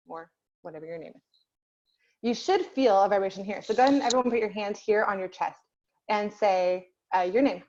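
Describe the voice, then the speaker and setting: A woman's voice: mid-range voice, brisk, darkish tone. Woman, voice teacher, online group lesson, patient and questioning, muffled video call sound. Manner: patient, asks the class questions and waits.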